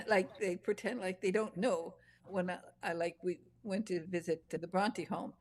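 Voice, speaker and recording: A woman's voice: lowish voice, steady tone, unhurried, slight background noise. A woman hosting an interview, chatting casually and laughing through rambling anecdotes. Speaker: podcast host.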